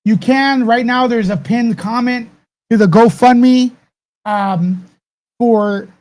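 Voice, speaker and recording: A man's voice: very high-pitched, slow, a little mellow. A man hosting a live commentary stream, talking heatedly to his chat, swearing often and rambling through restarts.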